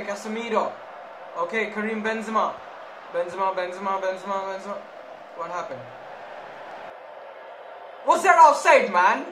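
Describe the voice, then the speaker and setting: A man commentating his own football management game, talking casually, nervous and excitable, swinging between mutters and shouts. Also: high voice, reverberant, background noise. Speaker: gaming YouTuber. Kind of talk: Let's Play commentary.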